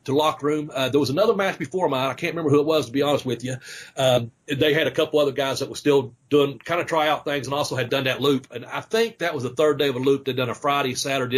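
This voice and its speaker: A middle-aged man, a former wrestler, casually telling rambling stories on a podcast, with lots of fillers and laughter. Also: mid-range voice. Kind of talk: casual storytelling chat.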